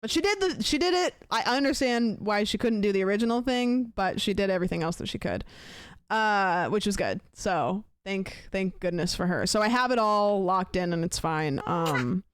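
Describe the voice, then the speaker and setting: A woman's voice: mid-range voice, expressive, normal speed, clean tone, no echo, studio quality. A young woman streaming, telling a long story in casual chat and acting out both sides of a phone call. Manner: rambling storyteller, acts out both sides of a conversation.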